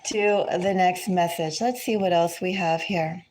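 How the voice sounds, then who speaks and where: A woman giving a casual tarot reading from home, chatty and unhurried, drifting into side remarks. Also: fairly low pitch, steady tone, darkish tone, a little hiss or hum. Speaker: tarot reader. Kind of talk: casual spiritual reading chat.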